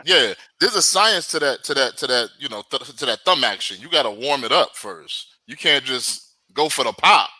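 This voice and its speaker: A man's voice: medium pitch, expressive, moderate pace, hardly any pauses, bright, forceful tone, no echo. A man in an explicit group chat, laid-back and given to repeating himself.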